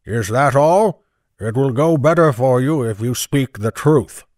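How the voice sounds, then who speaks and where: A man reading the part of a stern town constable in an audiobook, speaking in a grave, measured way. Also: mid-range voice, animated, darkish tone, dry recording, studio quality, lightly acted. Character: stern middle-aged male town constable.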